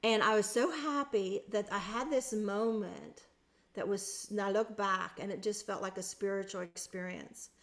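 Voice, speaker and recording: A woman's voice: medium pitch, moderate pace, fairly bright tone. A woman guest on a podcast, recounting a personal experience in an earnest, emotional way with frequent restarts. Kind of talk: personal storytelling in an interview.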